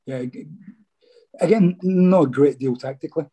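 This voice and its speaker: A middle-aged man tells stories in a chatty, casual way, calling his listener "mate" again and again. His voice is husky and dark, with a mellow, low-lying tone. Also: moderate pace. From Scotland. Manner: chatty, peppers speech with "mate". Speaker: former footballer guest. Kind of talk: casual interview storytelling.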